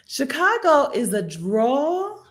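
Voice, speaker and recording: A woman in her fifties from Delaware, hosting and giving casual commentary, emphatic and quick to laugh. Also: high voice. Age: 50s. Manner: animated, emphatic, laughs often. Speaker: host.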